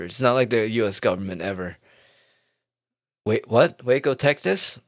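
A young man delivers a profane comedic rant in a sarcastic tone, breaking into laughter often. His voice sits at an ordinary middle pitch. The sound is dry and close, with no room echo. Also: expressive, slow pace, creaky, a bit bright. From United States.

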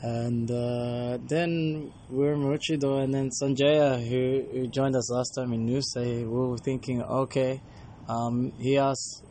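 A man's voice: medium pitch, warm tone, a little hiss or hum. A man, a traveling monk, casually telling travel anecdotes and acting out bits of dialogue. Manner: chatty, acts out dialogue in anecdotes.

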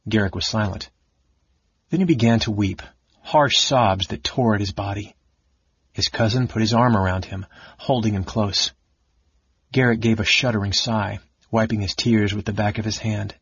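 A man narrating an audiobook in a measured storytelling manner. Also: fairly low pitch, steady tone, breathy edge, no echo. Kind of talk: scripted narration. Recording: dull lo-fi recording.

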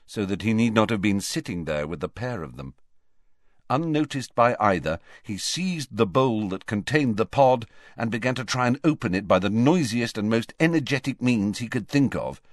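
Lively, low-voiced male audiobook narrator. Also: normal speed, no room sound, studio quality. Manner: expressive storytelling.

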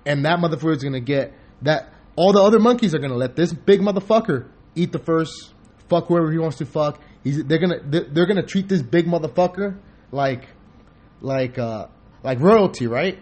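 A man's voice: fairly high pitch, a little fast. Profane, rambling man chatting casually. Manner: profane, rambling, animated storytelling. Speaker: podcast host. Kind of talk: casual chat.

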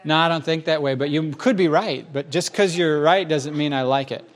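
A man's voice: on the high side, moderate pace. A man preaching a sermon in a church, enthusiastic and conversational, often restarting his sentences.

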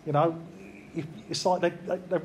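High-voiced earnest male preacher. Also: flat delivery, normal speed, darkish tone, a little hiss or hum. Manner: earnest, repetitive, conversational preaching. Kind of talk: informal sermon.

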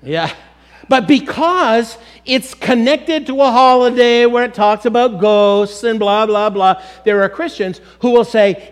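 A man's voice: extremely high pitch, measured pace, clean tone. A middle-aged male pastor preaching a sermon, emphatic and direct, often calling the congregation "folks".

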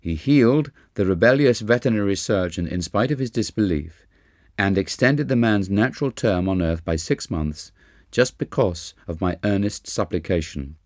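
A man narrating an autobiography audiobook in a calm, measured reading. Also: fairly low pitch, dry recording, studio quality. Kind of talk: scripted narration.

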